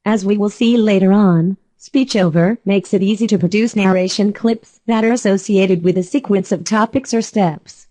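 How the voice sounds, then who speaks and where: A synthetic female voice giving a calm, explanatory scripted lesson narration. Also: mid-range voice, normal speed, hardly any pauses, dry recording.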